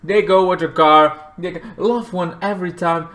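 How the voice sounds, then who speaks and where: A young man rambling through a casual movie recap, leaning on filler phrases and jumping into loud, high-pitched acted quotes. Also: steady tone, normal speed. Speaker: movie reviewer.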